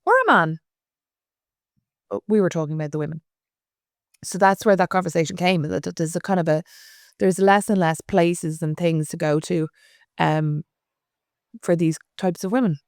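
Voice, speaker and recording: A woman's voice: fairly low pitch, normal speed, long pauses, dry recording, studio quality. A woman in her thirties with an Irish accent, co-hosting a podcast in casual, teasing chat. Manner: chatty, teasing, apologetic asides. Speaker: podcast co-host.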